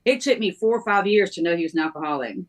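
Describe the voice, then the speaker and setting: A middle-aged woman, a minister, telling her life story in a halting, conversational way, with many ums and restarts. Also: lowish voice, expressive. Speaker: guest minister sharing her testimony.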